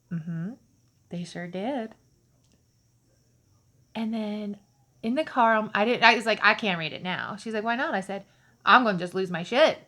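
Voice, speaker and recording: A woman telling a personal story in a chatty, animated way, full of fillers and acted-out dialogue. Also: mid-range voice. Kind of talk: casual storytelling to camera.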